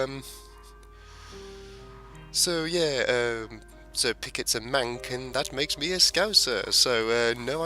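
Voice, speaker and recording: A man's voice: medium pitch, sharp tone. A man chatting casually over a flight game, reading its story aloud and joking at himself. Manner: chatty and self-mocking, reads story text aloud. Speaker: game video maker. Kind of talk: casual gameplay commentary and reading the campaign story.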